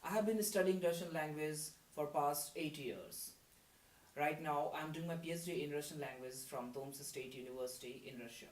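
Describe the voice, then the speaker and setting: A young man from India with an Indian English accent, giving a friendly beginner language lesson and slowly repeating words for viewers. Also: a little high, slight background noise. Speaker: language teacher. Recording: echoey room, mic at a distance.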